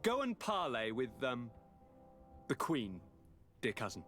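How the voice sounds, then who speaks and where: An actor playing a courteous noble governor who speaks in a measured, courtly way. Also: male voice, mid-range voice, wildly swooping pitch, a bit bright, soft background music. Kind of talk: video game dialogue.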